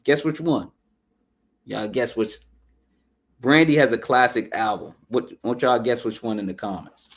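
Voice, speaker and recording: A man hosting a podcast, chatting loosely through an album review with shout-outs and asides, his nose running. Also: mid-range voice, normal speed. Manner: loose and chatty, full of shout-outs and asides, often saying "you know what I'm saying". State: runny nose. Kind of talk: casual music review chat.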